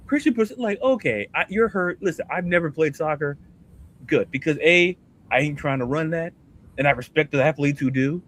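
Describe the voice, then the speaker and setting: Guy on a sports podcast, kinda high voice, all over the place pitch-wise, ranting casual. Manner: animated ranting with rhetorical questions. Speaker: podcast co-host.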